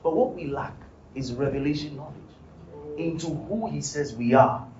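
A man preaching a sermon as pastor, repeating his points and building up to shouted emphasis. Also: a little high, expressive, moderate pace, a little hiss or hum. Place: church hall. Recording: roomy, distant, dull live church sound. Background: music and congregation.

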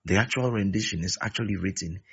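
A man's voice: deep voice, fast talker, fairly bright tone, breathy edge. A man preaching a sermon, emphatic and repeating his key phrases. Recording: dull lo-fi recording.

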